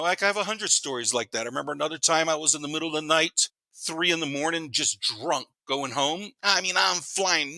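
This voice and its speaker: A man in his fifties tells wild stories at a rapid clip in a bright, forceful voice. He rambles, swears freely and laughs along with his own tales. The sound is close and dry. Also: on the high side, no room sound. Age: 50s. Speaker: podcast guest. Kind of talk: casual storytelling.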